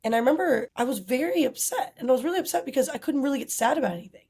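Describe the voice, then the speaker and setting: A woman's voice: high-pitched, animated, rapid-fire, a little mellow, breathy edge. A young woman from Costa Rica, a podcast guest, talking in an earnest, thoughtful way with frequent "you know" and "like". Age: young adult. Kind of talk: reflective conversational interview.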